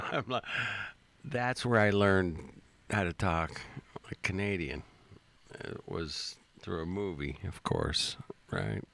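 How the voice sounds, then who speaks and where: A man with a low, gravelly, creaky voice hosts a casual reaction stream. He talks in a loose, slangy way and answers the clips as they play. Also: slow, a bit bright.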